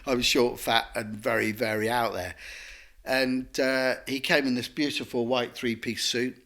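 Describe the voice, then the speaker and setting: A man, a guest telling stories in a lively, rambling way full of restarts. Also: medium pitch, unhurried. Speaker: guest artist. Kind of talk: conversational storytelling.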